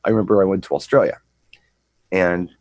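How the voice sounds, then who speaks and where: A middle-aged man with a low voice, chatting on a show. He rambles through an anecdote and trips over repeated words. The sound is close and dry. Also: steady tone, a little fast, darkish tone, no room sound, low-quality recording. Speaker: co-host and DJ. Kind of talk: casual chat, storytelling.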